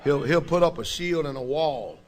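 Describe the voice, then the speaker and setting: Preaching a sermon at normal speed, a pastor whose voice sits slightly high for a man speaks with emphasis in plain, colloquial language. He keeps asking the congregation whether they're following him.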